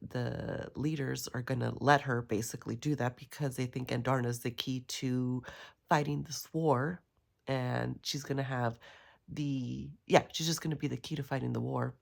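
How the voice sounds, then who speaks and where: A woman chatting casually in a reading vlog, rambling and excitable with many fillers. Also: rumbling low, gravelly. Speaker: book vlogger.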